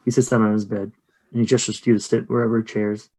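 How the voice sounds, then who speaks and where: A male game master narrates a horror tabletop game in a medium voice. His description is slow and measured, and he often lets it drop quiet. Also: lowish voice, little pitch movement.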